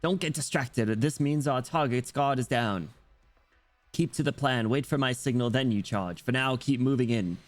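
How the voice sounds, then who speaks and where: A man with a British accent voicing a stern, calm female squad commander, giving steady orders in his own voice. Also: medium pitch, normal speed, faint music behind, lightly acted. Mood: commanding.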